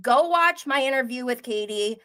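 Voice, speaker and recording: This stream host has a high-pitched voice and talks at a normal speed, gossiping casually with viewers. She's lively, laughs a lot, and reads the chat out loud as she reacts.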